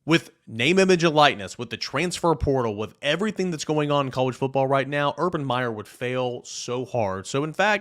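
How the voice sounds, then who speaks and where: A man hosting a college football podcast, talking casually and with strong opinions, jumping between loud jabs and quiet muttered asides. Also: medium pitch, expressive, a little fast, hardly any pauses. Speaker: podcast host. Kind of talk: casual sports podcast talk with a read ad.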